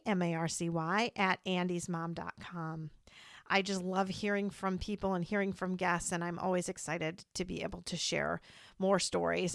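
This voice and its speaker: A woman's voice: lowish voice, a bit bright, dry recording, clean studio sound. A middle-aged woman hosting an interview podcast, chatty and upbeat as she talks with guests. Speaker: podcast host.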